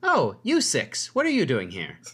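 A man's voice: very animated, quick pace. A man voicing a peppy, chipper female halfling governess in a tabletop game. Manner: bright, high, sing-song.

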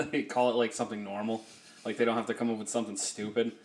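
A man's voice: lowish voice, level tone. A man hosts a casual podcast and throws in dry quips while his co-host talks. He laughs readily and keeps it loose. The recording has a roomy, echoing sound. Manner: dry wisecracks, quick to laugh. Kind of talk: casual chat. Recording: roomy echo.

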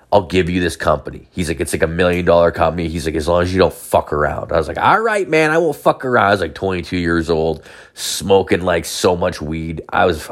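Crude rambling man, very low voice. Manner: crude, rambling, constant filler words and swearing. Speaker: storyteller. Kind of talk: casual storytelling.

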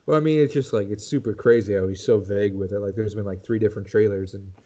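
Laid-back low-voiced guy, dull lo-fi sound. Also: steady tone, fast, warm tone. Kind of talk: casual chat.

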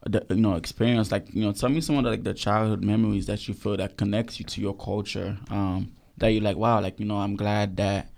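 Gravelly, low-voiced podcast host. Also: male voice, fairly even intonation, brisk, hardly any pauses, a little mellow. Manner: rambling, lots of fillers, friendly. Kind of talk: casual interview.

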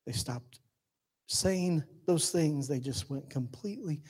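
High-voiced man preaching a sermon. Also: breathy edge. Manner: storytelling, swings from quick to slow and hushed. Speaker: pastor.

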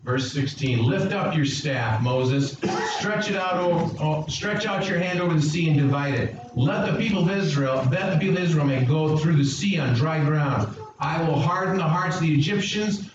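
Pastor preaching from far in an echoey church. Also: male voice. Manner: emphatic preaching, reads scripture aloud and voices God's words with rising pitch. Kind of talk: sermon. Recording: roomy echo, distant mic, dull sound with background noise.

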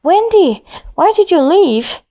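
A woman's voice: high-pitched, very animated, slow, gravelly, pitched above the performer's own voice, full character voice. A woman doing a worried young village man calling out. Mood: pleading. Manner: calls out loudly over the wind.

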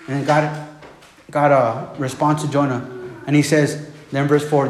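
Brief: laid-back male preacher, slightly high voice, restarts and filler, echoey room. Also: little pitch movement, unhurried, long pauses. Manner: casual, repetitive, says "man" a lot. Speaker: pastor. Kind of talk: sermon teaching from Bible. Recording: roomy room, faint background noise.

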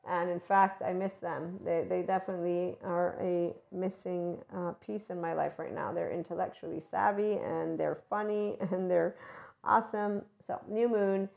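A woman hosting a casual channeled spiritual guidance talk, playful and animated, often acting out excited chatter. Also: on the low side, moderate pace, vocal fry. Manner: animated, playful, acts out enthusiastic voices. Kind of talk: spiritual monologue.

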